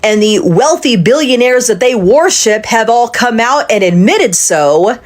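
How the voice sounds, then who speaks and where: A woman's voice: fairly high pitch, animated, unhurried. Indignant woman political commentator. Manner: indignant, emphatic. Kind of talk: casual commentary.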